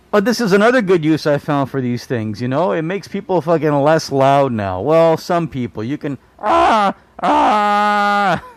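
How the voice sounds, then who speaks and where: A man's voice: fairly high pitch, no echo. A man hosting a podcast, ranting in an exasperated, profane way and laughing now and then. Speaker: podcast host. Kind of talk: solo comedic rant.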